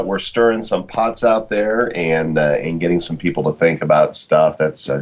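Forties male host, low husky voice, reflective and loose. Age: 40s. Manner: reflective, with many fillers and restarts. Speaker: podcast host. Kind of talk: casual monologue.

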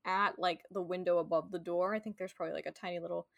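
A woman's voice: fairly low pitch, steady tone, fast talker, vocal fry, dry recording, clean studio sound. A woman co-hosting a podcast in casual chat, talking loosely with lots of filler words and playful paraphrases. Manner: chatty, heavy on "like" fillers, paraphrases characters playfully. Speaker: podcast co-host.

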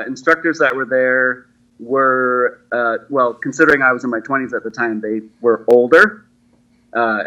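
A man's voice: medium pitch, bright, forceful tone, muffled recording. A man in his forties, a guest telling his story in a chatty, self-deprecating way, laughing easily. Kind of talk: casual interview storytelling.

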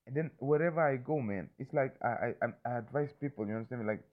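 A man's voice: mid-range voice, fast. A man in a casual, rambling monologue who repeats himself, swears freely and keeps checking that the listener follows him. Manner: loose, repetitive, swears freely, keeps asking "you understand me?". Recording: thin phone-like sound.

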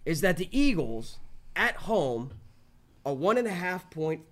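A man's voice: a little high, sing-song, a little slow. A man hosting a sports podcast, talking emphatically, repeating himself and teasing rivals in a mock-sweet tone. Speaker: podcast host. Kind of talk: sports talk podcast rant.

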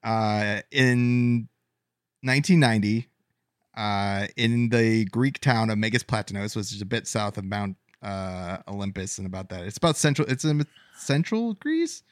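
A man co-hosting a podcast, telling a story in a casual, halting way with many fillers. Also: on the low side, animated, no room sound, clean studio sound. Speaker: podcast co-host narrating the story.

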